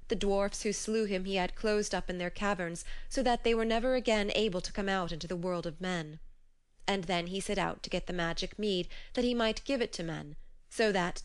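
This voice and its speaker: A woman narrating a myth in a measured storybook reading, slowing on key phrases. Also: fairly low pitch, smooth.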